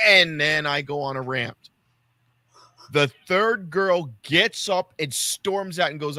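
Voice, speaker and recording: Bright, animated male podcast storyteller. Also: on the high side, a little slow, no echo. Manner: animated storyteller acting out quotes. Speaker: podcast co-host and stand-up comic. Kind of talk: casual podcast chat.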